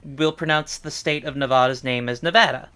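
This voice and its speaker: A man's voice: medium pitch, fairly even intonation, brisk, crowd noise. A man with a Midwestern American accent chatting casually on a livestream, musing and playful. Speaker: streamer.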